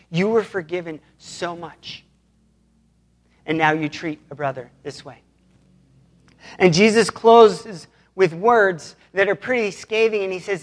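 Retelling an old parable in plain, modern language, a pastor speaks straight to the congregation in a relaxed, conversational sermon. His voice sits at a middle pitch, and he puts scripture into everyday terms.

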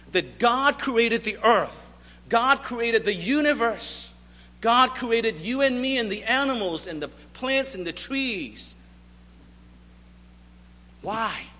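A man's voice: very high-pitched, pushed and bright, big-room sound. A male pastor preaching a sermon, emphatic and driving home repeated rhetorical questions.

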